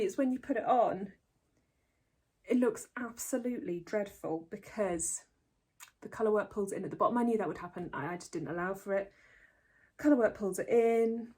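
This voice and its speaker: A woman's voice: on the high side, normal speed, dark tone, slightly rough. A woman hosting a knitting podcast, talking casually to the camera in a rambling, self-deprecating way with many restarts.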